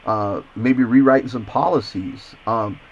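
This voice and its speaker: Slightly rough and a bit slow, this medium-pitched man is an investigative journalist pressing someone on a recorded phone call. He stays insistent and persistent, frequently stammering and repeating himself.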